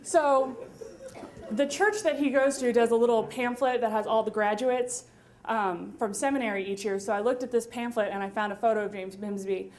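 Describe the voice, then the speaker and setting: A woman in her twenties telling a wry, funny story live on stage at a story slam, with quick asides and laughter. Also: fairly high pitch, steady tone, a little mellow. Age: 20s.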